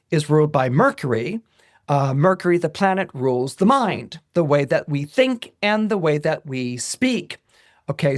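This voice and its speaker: A man, an astrologer, explaining horoscopes to listeners in a deliberate way. He keeps checking in with "okay?" and slows down on the phrases he wants to stress. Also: fairly high pitch, dry recording, studio quality.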